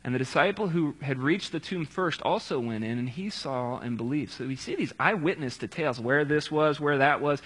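A male preacher with a bright, forceful voice sitting a little high. He retells scripture in a relaxed, conversational sermon and drops in casual asides as he goes. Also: normal speed, few pauses, slightly rough.

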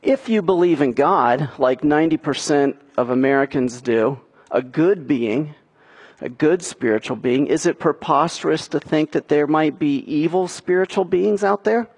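Man, pastor, sermon, raspy voice, earnest, emphatic questions. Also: on the high side, moderate pace, a little mellow.

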